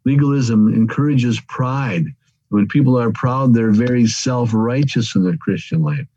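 A man's voice: medium pitch, unhurried, mellow, husky, no room sound, muffled recording. A man preaching a sermon, calling his listeners friends and working through numbered points. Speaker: pastor.

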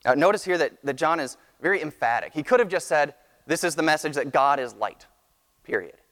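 A man's voice: on the high side, animated, a bit bright. Earnest preacher man in a reverberant hall. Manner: measured, earnest teaching with frequent restarts. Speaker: pastor. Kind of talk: sermon.

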